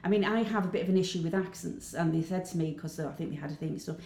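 A woman's voice: lowish voice, quick pace, gravelly. An actress, chatting as an interview guest and acting out the dialogue as she tells her stories. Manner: animated storyteller, acts out dialogue. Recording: echoey room with faint ambience.

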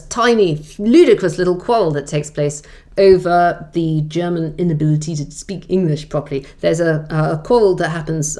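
A woman with a low-pitched voice talks through history as an interview guest. Her delivery is vivid and emphatic, with sharp jumps in pitch on the words she stresses. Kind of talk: conversational storytelling in an interview.

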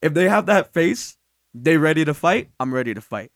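Animated young man telling store stories. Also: fairly high pitch, moderate pace, dry recording, studio quality. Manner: animated, acts out the people in his stories, swears freely. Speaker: shoe store manager. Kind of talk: casual storytelling chat.

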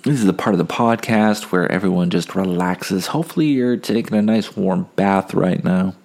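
A man's voice: sits low, moderate pace, a little mellow. A sick young man hosting a casual solo podcast, telling wry, rambling stories while holding back coughs. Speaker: podcast host.

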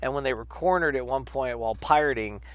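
A man's voice: medium pitch, quick pace, dry recording. A man co-hosting a casual podcast chat, telling rambling, profane stories and slipping into silly voices. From New York. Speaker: podcast co-host.

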